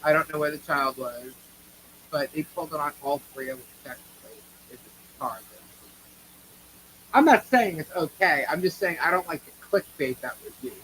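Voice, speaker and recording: A woman's voice: sits low, normal speed, a bit bright, low-quality recording. Woman, New York accent, live co-host; blunt and opinionated, casual cursing, light background noise. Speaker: livestream co-host. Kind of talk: casual live chat reacting to viewers.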